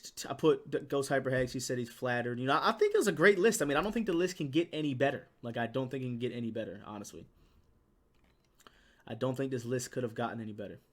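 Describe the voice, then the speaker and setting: A young man in his twenties, chatting loosely about a competitive gaming ranking. His voice sits at an ordinary middle pitch, and he talks in relaxed slang, swears freely and fills his speech with "um" and "bro.". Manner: laid-back slangy talk with swearing and filler words. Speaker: gaming YouTuber. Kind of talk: casual commentary on a ranking list.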